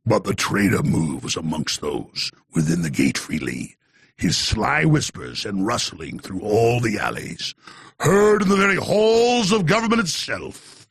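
A man voicing an ancient Roman orator, reciting slowly and solemnly in a low, gravelly voice. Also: lively intonation, dry recording, exaggerated voice. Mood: grave, declaiming. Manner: slow, solemn, declaiming. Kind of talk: dramatic recitation.

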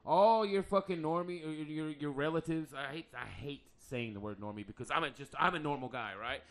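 A man's voice: on the high side, brisk, a bit bright. A man hosting a podcast in casual chat, talking in a blunt, profane and rambling way. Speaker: podcast host; electrician by trade.

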